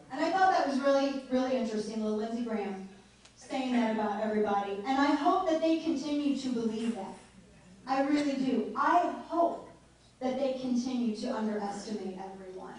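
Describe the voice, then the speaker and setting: A woman's voice: on the high side, a little mellow. A woman giving a joking, informal speech to a live audience at a political meeting. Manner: chatty and joking, laughs often. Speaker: guest speaker at a political meeting. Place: meeting hall. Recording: echoey hall heard from far off.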